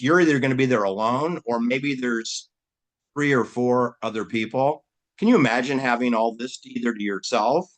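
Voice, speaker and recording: A man hosting his own channel in rambling casual commentary, animated and mocking, his voice jumping up high when he fires off rhetorical questions. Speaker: channel host.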